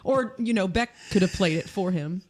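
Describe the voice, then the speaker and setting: A woman co-hosts a livestreamed podcast in easy, casual chat. Her voice is mid-pitched, and she talks brightly, laughs often and jumps in to agree. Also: moderate pace. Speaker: podcast co-host.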